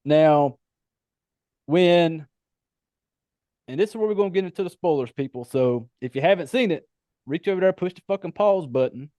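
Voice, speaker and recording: Southern guy hosting a podcast, talks a lot, swears, laughs, kinda high voice. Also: moderate pace, long pauses, mellow, no room sound. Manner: chatty, swears freely, laughs often. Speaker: podcast host. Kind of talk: casual interview chat.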